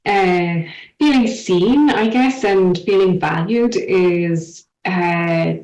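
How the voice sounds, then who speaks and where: A woman's voice: lowish voice, extremely slow, a little mellow. A woman on a work panel, speaking in a hesitant, reflective way with many fillers. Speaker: panel guest. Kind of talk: panel discussion. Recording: roomy, distant from the mic.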